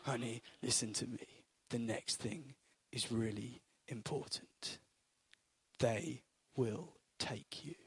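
A man putting on the voice of a calm, menacing middle-aged ex-agent father, speaking in a low, slow, threatening whisper. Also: vocal fry, slightly rough, no room sound, heavily acted. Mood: quietly urgent.

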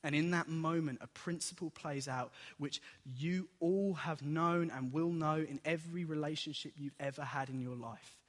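A man preaching a sermon, telling the story in a lively way and acting out the dialogue. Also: fairly high pitch, moderate pace, hardly any pauses. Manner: animated storytelling, acts out dialogue. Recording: long hall reverb.

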